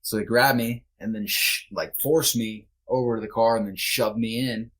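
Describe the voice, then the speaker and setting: A man's voice: lowish voice, fairly even intonation, normal speed, fairly bright tone. A man guest on a podcast, candidly telling a personal story in a loose, conversational way, blunt and sometimes swearing. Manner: loose and conversational, with many fillers.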